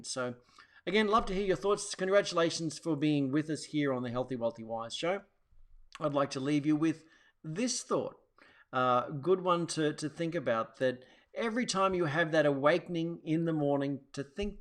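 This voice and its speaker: A man hosting a wellness show, talking casually to viewers in a rambling way with many restarts. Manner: rambling, restarts often, acts out quotes in a high voice. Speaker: host.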